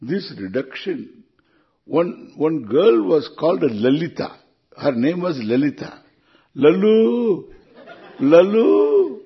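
A man with an Indian English accent giving an unhurried, chuckling lecture on scripture, chanting Sanskrit verses. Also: on the high side, lively intonation, husky, muffled recording. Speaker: spiritual teacher.

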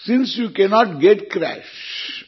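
A man with an Indian English accent giving an unhurried, chuckling lecture on scripture, chanting Sanskrit verses. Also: sits high, lively intonation, husky, muffled recording. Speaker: spiritual teacher.

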